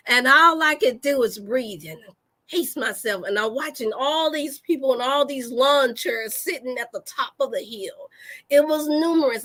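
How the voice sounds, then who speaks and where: A woman, a wellness host telling an animated, folksy story to her listeners and laughing often. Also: high-pitched, measured pace. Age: 40s. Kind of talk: storytelling to a live audience.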